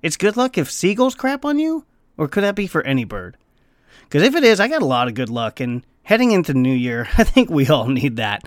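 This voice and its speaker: Animated man telling a rambling story. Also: a little fast, dry recording, studio quality. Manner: animated, swearing, breaks into squeaky bird noises. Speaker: vlogger. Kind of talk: casual storytelling.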